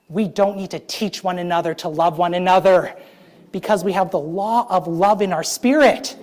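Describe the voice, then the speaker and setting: A woman preaching to her congregation in a loose, conversational way, often checking in with "right?" and "okay?" and drawing out key phrases slowly for emphasis. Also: medium pitch, a little mellow. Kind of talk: sermon.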